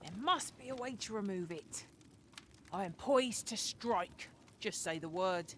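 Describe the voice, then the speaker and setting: A woman's voice: medium pitch, expressive, unhurried, close to an everyday voice. A woman voicing a bold female warrior companion in a video game, speaking in formal, eager phrases. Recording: distant game audio with loud noise.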